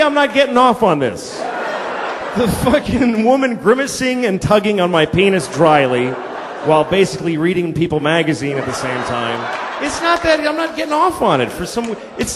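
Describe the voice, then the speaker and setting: A man's voice: high voice, background noise. A man in his forties performing a stand-up set, telling crude, exasperated stories and slipping into put-on voices. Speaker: stand-up comedian. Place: large theater stage before a laughing crowd. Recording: live hall recording with crowd laughter and reverb.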